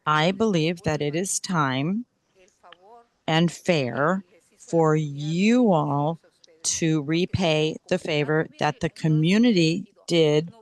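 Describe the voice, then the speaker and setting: A woman interpreting public comments at a council meeting into English, speaking in a slow, measured, deliberate way. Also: sits low.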